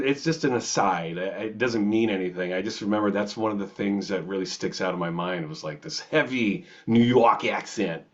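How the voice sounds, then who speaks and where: A man's voice: lowish voice, muffled recording. A man casually reviewing old records for his channel, chatty and rambling, often restarting his sentences. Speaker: music video host.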